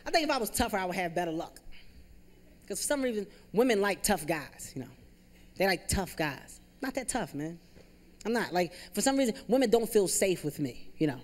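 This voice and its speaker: A young man doing stand-up comedy on a theater stage, animated and self-deprecating, peppering his talk with "you know.". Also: high voice, a little fast, big-room sound. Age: 20s. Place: theater stage with live audience.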